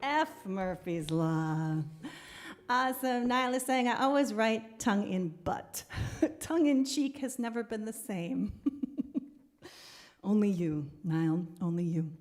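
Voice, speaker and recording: A woman with a medium-pitched, slightly mellow voice hosts a live online concert, chatting between songs as she reads out viewer comments. She's talkative, laughs readily, and speeds up when she rambles.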